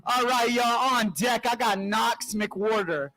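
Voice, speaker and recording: A man's voice: extremely high pitch, takes it slowly, bright, forceful tone, poor audio. A man hosting a live open mic, upbeat and sing-song as he brings up each poet and gets the crowd clapping. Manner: upbeat, call-and-response, sing-song introductions.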